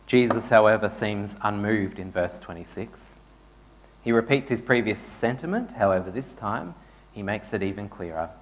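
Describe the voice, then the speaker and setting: A man's voice: lowish voice, expressive, moderate pace. Man preaching a conversational sermon. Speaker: pastor.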